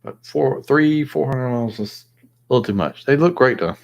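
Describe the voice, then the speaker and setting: A man's voice: mid-range voice, moderate pace, creaky. A man hosting a casual live chat, rambling and thinking aloud with plenty of fillers. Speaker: host.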